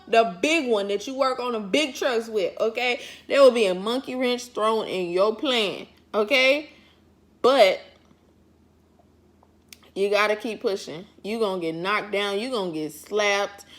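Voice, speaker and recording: A woman's voice: medium pitch, a bit bright. A woman chatting casually to camera as a vlogger, folksy and encouraging, drifting off topic. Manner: encouraging, pep-talk delivery.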